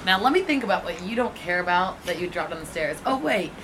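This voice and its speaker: A woman's voice: lowish voice, expressive, fast talker, very noisy. A young woman co-hosting a podcast, teasing and blunt, swearing casually. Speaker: podcast co-host. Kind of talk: casual chat.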